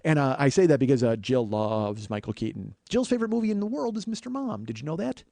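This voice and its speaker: A man hosting a comedy podcast, chatting casually with loud silly bits and lots of swearing. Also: medium pitch, very animated, quick pace, vocal fry, dry recording. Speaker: podcast host.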